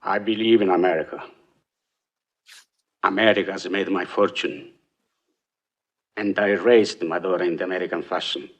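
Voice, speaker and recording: An actor with an Italian accent playing a grieving immigrant father seeking justice, speaking in a measured, solemn way, from a film soundtrack. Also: deep voice, fairly even intonation. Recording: film soundtrack played in a podcast.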